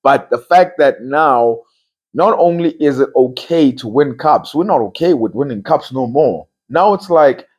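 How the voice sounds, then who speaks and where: Emphatic husky-voiced man. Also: medium pitch, expressive, measured pace, a little mellow. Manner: emphatic, repeats phrases for effect. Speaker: football talk show host. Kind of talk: casual opinion commentary.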